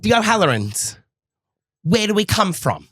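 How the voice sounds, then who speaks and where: Young man, Australian accent, casual chat, very expressive pitch, swears a lot. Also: unhurried, husky, no echo. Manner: animated, swears freely, acts out quotes. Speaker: podcast co-host.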